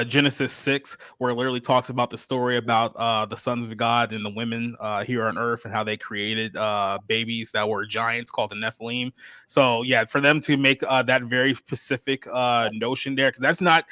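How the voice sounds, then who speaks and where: A man's voice: medium pitch, fairly bright tone, dry recording. A man hosting a faith podcast, casual and rambling, with many fillers. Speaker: podcast host. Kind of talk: casual chat.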